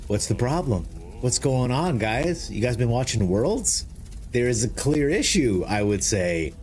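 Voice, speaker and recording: A man's voice: mid-range voice, sing-song, measured pace, darkish tone, slight background noise. A man hosting a casual live stream, rambling and joking as he greets viewers by name. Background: faint music.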